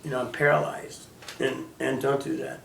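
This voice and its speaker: A man in his fifties telling his own story as personal testimony, halting and sporadic, with many restarts. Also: mid-range voice, little pitch movement, vocal fry, a bit bright, slight background noise. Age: 50s. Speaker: storyteller recounting his own near-death experience. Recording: echoey room, voice heard from a distance.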